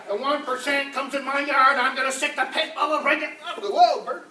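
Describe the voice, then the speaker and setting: A man's voice: extremely high pitch, a little fast, far from the mic, noisy background. Rambling comic man in an echoey room. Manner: rambling, animated, jumps into mocking voices. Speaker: street comedian. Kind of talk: political stand-up comedy. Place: campus room before a live audience.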